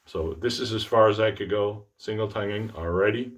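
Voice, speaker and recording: Relaxed low-voiced male trombone teacher. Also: moderate pace. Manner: relaxed, self-deprecating, speaks out articulation syllables. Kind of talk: instructional demonstration.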